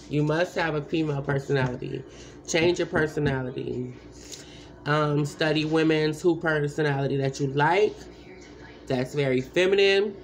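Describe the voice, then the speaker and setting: A woman giving blunt, rambling advice in a casual vlog, full of asides and repeated points. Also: sits low. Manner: repeats points with many fillers.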